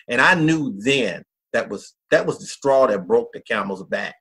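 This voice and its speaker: Middle-aged male pastor, husky voice, folksy and earnest storyteller, podcast guest. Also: medium pitch, animated, moderate pace, hardly any pauses, bright, forceful tone. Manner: earnest, folksy storyteller who acts out quotes.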